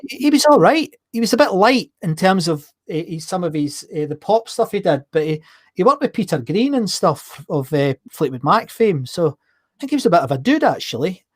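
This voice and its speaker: A man's voice: high voice, big pitch swings, moderate pace. A man hosting a casual chat, hesitant with many restarts. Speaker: host.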